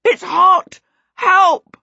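A woman's voice: mid-range voice, lively intonation, measured pace, husky, no room sound, highs cut off. A woman voicing a flustered, clumsy young boy wizard who wails when things go wrong, in a storybook reading. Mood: panicked. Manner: wailing, flustered.

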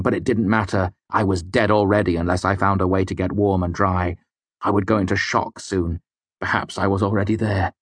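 A man narrating a first-person fantasy story in a measured, grave storytelling manner. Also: on the low side, no echo. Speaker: audiobook narrator.

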